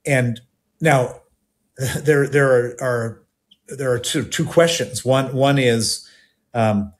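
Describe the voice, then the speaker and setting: Halting man, a radio interview guest. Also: medium pitch. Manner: halting, many restarts and repeated words.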